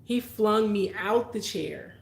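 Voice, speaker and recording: Slow-paced and mid-range, with vocal fry, this young woman's voice carries through an echoey room. She's live streaming late at night, telling stories from her childhood, reading viewers' comments aloud, and laughing frequently.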